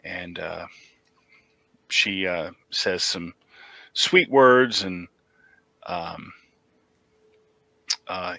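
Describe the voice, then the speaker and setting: A man playing in a tabletop game, describing his character's actions in a relaxed, rambling way. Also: low-pitched, no room sound. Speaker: player. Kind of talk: casual tabletop game play.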